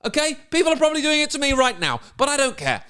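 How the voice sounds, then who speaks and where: A man's voice: very high-pitched, big pitch swings, fast, bright, forceful tone. A man, a comedian ranting sarcastically, mocking and indignant. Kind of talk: ranting commentary.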